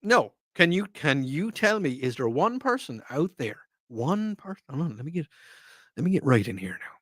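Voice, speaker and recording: Animated Irish male radio host, lifted pitch, dry close studio mic, teasing and direct. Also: moderate pace, slightly rough, no echo. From Ireland. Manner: animated, teasing, talks straight to listeners. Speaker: radio talk show host. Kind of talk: casual call-in radio talk. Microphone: studio microphone.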